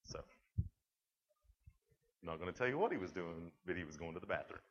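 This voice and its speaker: A man giving a youth camp sermon, telling a story in a lively, conversational way and filling his talk with "like". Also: deep voice, brisk. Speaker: camp speaker. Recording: dull lo-fi recording.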